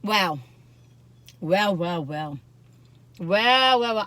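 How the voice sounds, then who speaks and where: A woman's voice: medium pitch, lively intonation, normal speed, sharp tone, no echo. A woman reviewing pastries in a casual food vlog, recorded on her phone in a parked car, gushing and laughing often. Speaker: food vlogger.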